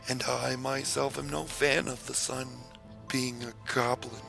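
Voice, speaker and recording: A man's voice: medium pitch, little pitch movement, unhurried, vocal fry, over music. A man voicing a scheming male goblin king who is also a lich, speaking with sly, mocking politeness. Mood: mock polite.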